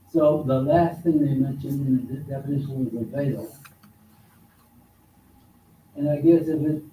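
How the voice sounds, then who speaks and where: A man teaching an informal religious study class at a mosque, talking slowly and conversationally and repeating words for emphasis. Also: fairly high pitch, warm tone. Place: mosque hall. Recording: echoey hall, distant mic, faint noise.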